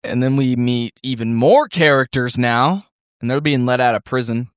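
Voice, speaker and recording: A man's voice: mid-range voice, normal speed, smooth, dry recording, studio quality. A man from the Midwest co-hosting a casual podcast, laid-back, laughing often and swearing freely. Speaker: podcast co-host. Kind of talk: casual chat.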